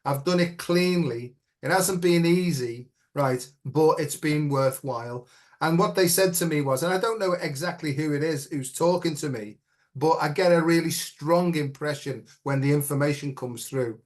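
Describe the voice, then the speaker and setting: Middle-aged male guest, earnest and reflective, voice sitting a bit high, keeps asking "right?". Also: moderate pace. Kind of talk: personal story in an interview.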